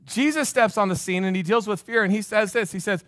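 Forty-something male preacher, higher voice, repeats lines and quizzes the congregation. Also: brisk, fairly bright tone, no room sound, clean studio sound. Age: 40s. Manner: emphatic, repeats phrases, asks the crowd questions. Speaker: pastor. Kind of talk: sermon.

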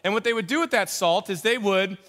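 A pastor delivering a sermon in a conversational way, mixing emphatic points with jokey asides. His voice is high and bright, and the long reverb of a church hall rings around it. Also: fairly quick.

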